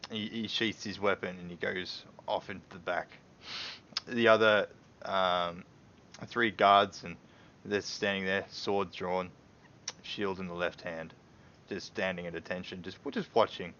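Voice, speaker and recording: A man's voice: low-pitched, fairly even intonation, measured pace, bright, forceful tone, muffled recording, slight background noise. A man, running a tabletop game as game master in a loose, rambling way. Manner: loose, rambling, many fillers and restarts. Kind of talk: narrating a tabletop game on a livestream.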